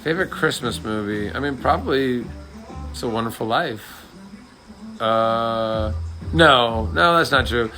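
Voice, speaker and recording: Man, thirties, casual live-stream host, rambling and filler-heavy, mid-pitched, faint background music. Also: unhurried. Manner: rambling, with frequent fillers and restarts. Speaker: livestream host answering viewer questions. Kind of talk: casual chat.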